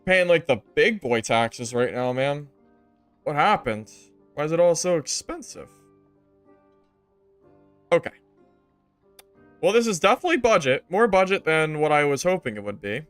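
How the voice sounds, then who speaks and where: A young man casually commenting on his gameplay to stream viewers, joking and exasperated, jumping to loud high outbursts. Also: animated, a little slow, long pauses, clear, resonant tone, no echo, faint music behind. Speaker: game streamer.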